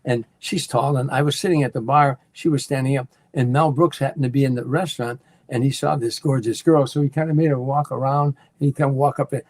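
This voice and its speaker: A man's voice: medium pitch, steady tone, fast, a little mellow. An older man, a guest comedian, telling show-business stories and acting out what people said. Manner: storyteller who acts out quoted lines. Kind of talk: casual anecdote telling.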